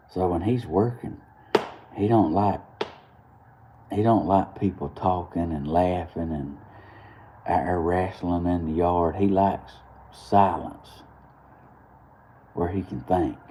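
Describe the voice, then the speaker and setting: A young man with a Georgia drawl chats on his morning stream, spinning long, rambling stories. His voice is deep and very dark. He talks at an unhurried pace and often breaks into laughter. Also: a little hiss or hum. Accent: Southern US (Georgia). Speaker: host of a live morning show. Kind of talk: casual morning chat.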